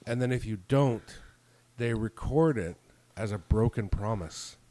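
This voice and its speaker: A man's voice: on the low side, measured pace, dark tone, no room sound. A man on a podcast, telling a story in casual chat, acting out both sides of phone calls and swearing freely. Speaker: podcast co-host.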